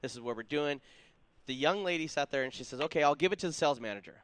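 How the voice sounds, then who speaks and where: A man co-hosting a casual racing talk show, excited, often stumbling and repeating his words. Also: a little high, fast talker, no room sound. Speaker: co-host. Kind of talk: casual storytelling chat.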